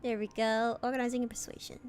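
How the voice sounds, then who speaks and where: A woman streamer reading a story game's text aloud and chatting along in a lively way. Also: on the high side, quick pace, soft background music.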